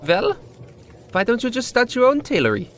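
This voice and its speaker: A man's voice: extremely high pitch, wildly swooping pitch, normal speed, slight background noise, pitched above the performer's own voice, heavily acted. A man voicing an older male bartender, stern but sly, who speaks in an odd, unplaceable way. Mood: coaxing.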